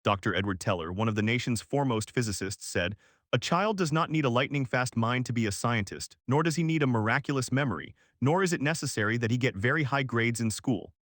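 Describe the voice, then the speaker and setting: A man reading a self-help audiobook summary as scripted narration, with a steady, even delivery and measured emphasis. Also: medium pitch, dry recording, clean studio sound.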